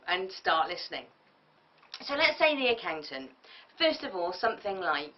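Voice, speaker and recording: A woman leads a business tutorial with a lively delivery and often slips into little acted-out examples. Her voice sits at a medium pitch and sounds set back from the mic. The recording is dull and lo-fi. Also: normal speed. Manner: lively, acts out example speakers. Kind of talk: tutorial lecture. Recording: muffled lo-fi audio from a distance.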